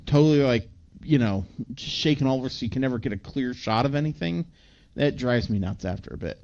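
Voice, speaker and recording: A man's voice: mid-range voice, lively intonation, fairly quick, gravelly, darkish tone. Man, podcast host, casual movie recap, rambling, filler words, dull lo-fi sound.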